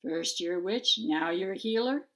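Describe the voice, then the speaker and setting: A woman's voice: on the low side, close to an everyday voice. Woman voicing a sarcastic cat familiar. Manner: dry, sarcastic, slow. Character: sardonic female cat familiar. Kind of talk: audiobook character voice.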